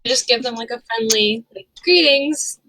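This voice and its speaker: Female player in a tabletop game, high bright voice, playful and bubbly. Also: flat delivery, moderate pace, slight background noise, rough recording.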